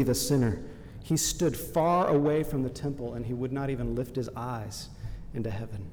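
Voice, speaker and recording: A man's voice: fairly high pitch, a little hiss or hum. Man preaching in a reverberant hall. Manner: earnest preaching, slowing for emphasis and dropping soft for quotes. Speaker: pastor. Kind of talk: sermon.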